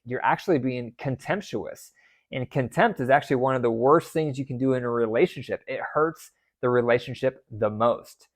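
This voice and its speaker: Emphatic man giving marriage advice. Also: mid-range voice. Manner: emphatic, repeats key phrases. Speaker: marriage therapist and podcast host. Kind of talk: podcast advice talk.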